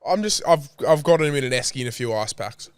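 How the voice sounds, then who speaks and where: A man's voice: mid-range voice, quick pace, clear, resonant tone, no echo, studio quality. A young man co-hosting a podcast, laid-back and teasing, heavy with slang. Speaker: podcast co-host. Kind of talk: casual banter.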